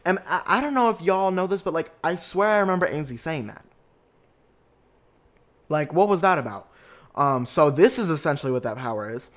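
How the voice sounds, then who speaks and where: A young man hosting a podcast, recapping reality TV in a chatty, animated way and acting out his own reactions. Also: on the high side, normal speed, long pauses. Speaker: podcast host.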